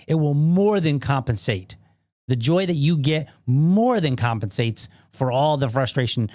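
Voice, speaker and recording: Solo podcast host, male, middle pitch; loose, rambling storyteller who pokes fun at himself, recorded dry. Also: no echo. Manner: rambling, self-deprecating storytelling with many fillers and restarts. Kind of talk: casual solo podcast monologue.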